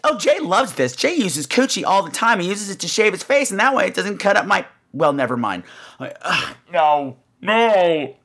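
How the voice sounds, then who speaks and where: A man's voice: high voice, normal speed. A man hosting a podcast, telling a comic story and swooping in and out of voices. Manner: animated, swoops into voices and gasps. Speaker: podcast host.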